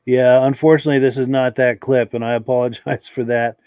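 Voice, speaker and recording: A man's voice: medium pitch, flat delivery, brisk, darkish tone, clear, resonant tone, dry recording. Man, podcast host, casual and friendly, reads comments, dry close sound. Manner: easygoing, frequent filler words, thanks viewers. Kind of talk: live podcast chat, reading viewer comments.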